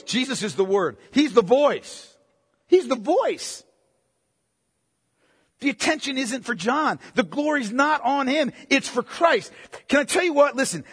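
A man preaching with a high, light voice, talking through scripture in a relaxed, conversational way and then pressing hard on key points. He repeats phrases for emphasis and calls his listeners "man." His voice rings out with a long reverb, as in a large hall. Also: husky. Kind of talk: sermon.

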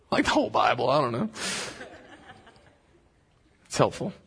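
Husky-voiced man preaching earnestly. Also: mid-range voice, big pitch swings, a bit bright. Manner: impassioned, rising to fervent pleading when reading aloud; earnest, prayerful and slow when praying. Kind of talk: sermon.

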